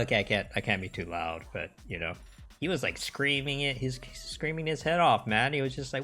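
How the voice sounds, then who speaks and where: A man's voice: mid-range voice, a little fast, bright, forceful tone, faint music behind. Rambling, cursing young man streamer. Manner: rambling, swears a lot, restarts often. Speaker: livestream host. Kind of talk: casual livestream chat.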